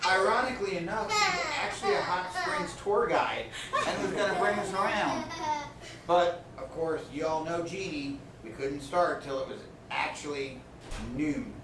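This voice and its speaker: Deadpan man telling a comic story. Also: on the high side, moderate pace, far from the mic, background noise. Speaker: improv performer. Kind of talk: improvised comic slideshow story. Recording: echoey room miked from afar.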